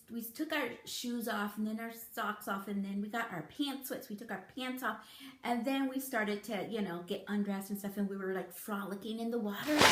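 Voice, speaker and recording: A woman's voice: on the high side, echoey room. A woman in her fifties, telling stories to camera in a chatty, giggly way. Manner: chatty, giggly, animated storytelling. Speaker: beauty vlogger. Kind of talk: casual storytelling to camera.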